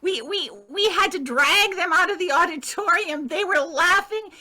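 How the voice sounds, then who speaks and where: A woman's voice: very high voice, moderate pace, sharp tone, full character voice. A woman improvising a chatty middle-aged nurse who gushes, rambles and repeats her words. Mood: gushing chatty. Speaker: improv performer. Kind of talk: improvised comedy scene.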